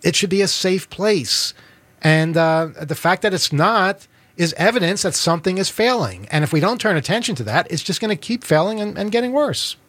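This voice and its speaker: A man with a New York accent hosting a political talk show, earnest and halting with many fillers. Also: high voice, lively intonation, fairly bright tone, no room sound. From Queens, New York. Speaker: show host.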